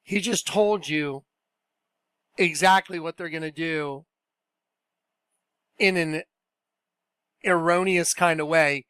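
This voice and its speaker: A man with a high, smooth and resonant voice gives casual reaction commentary. He talks in an emphatic, scornful way and repeats his points. The sound is dry and close. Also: slow pace, long pauses, a bit bright, no echo.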